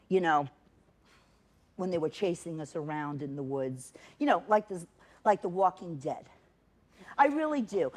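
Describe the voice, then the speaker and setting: Sardonic, profane woman telling stage stories. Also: medium pitch. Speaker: solo performer. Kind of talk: stage storytelling monologue. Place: theater stage.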